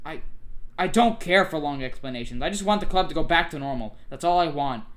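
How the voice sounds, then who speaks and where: A man's voice: on the high side, expressive, a little fast, a bit bright, voice pushed up. A man voicing an angry, tearful teenage girl confronting a clubmate in a game reading. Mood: hurt, accusing. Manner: pleading, raised voice.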